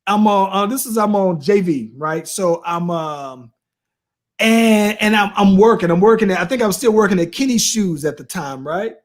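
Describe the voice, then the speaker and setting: A man in his late thirties, co-hosting a podcast and telling a story in an animated, slangy way, often tossing in "bro" and "right?". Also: high-pitched, normal speed. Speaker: podcast co-host. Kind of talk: casual storytelling chat.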